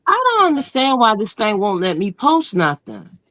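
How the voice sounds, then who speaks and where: A woman's voice: a little high, huge pitch swings, normal speed, fairly bright tone. A woman talks casually with friends on a live stream, her voice rising and falling with a lot of life. A faint hiss and some clicking sit underneath her voice.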